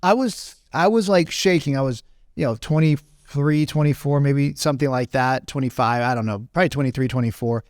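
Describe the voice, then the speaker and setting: A man's voice: mid-range voice, a little fast, dry recording, clean studio sound. A man around forty telling a rambling business story in a casual talk and keeping on asking "right?". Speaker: business speaker.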